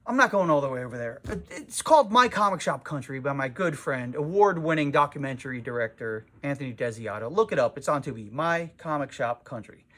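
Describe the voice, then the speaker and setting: Animated, lively comic shop owner. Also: male voice, medium pitch, fairly quick, few pauses. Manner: animated, profane, self-mocking. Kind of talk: casual vlog rant.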